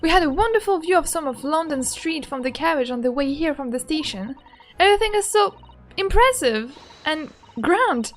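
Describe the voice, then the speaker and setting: A woman voicing a nervous young male lawyer who talks in a flustered, hurried way while playing a game. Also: sits high, animated. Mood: earnest.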